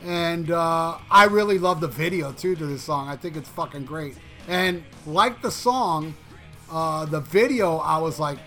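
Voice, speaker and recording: A man's voice: a little high, normal speed, sharp tone. A man co-hosting a casual music review chat, rambling with lots of swearing and restarts. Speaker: music podcast co-host reviewing songs.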